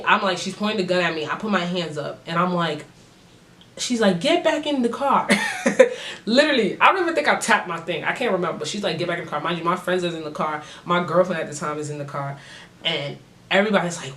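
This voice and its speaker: A young adult woman vlogger telling a casual story time, animated and full of slang and swearing. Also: fairly low pitch. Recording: roomy echo.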